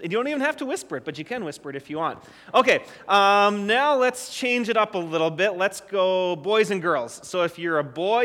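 A man leading a children's sermon as a pastor, gentle and encouraging, often restarting his sentences. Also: high voice, in a large hall. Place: church sanctuary.

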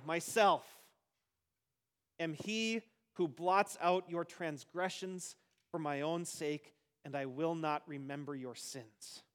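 Here a pastor delivers his sermon forcefully in a high-pitched male voice. Key phrases get slowed down for stress, and his volume rises and falls.

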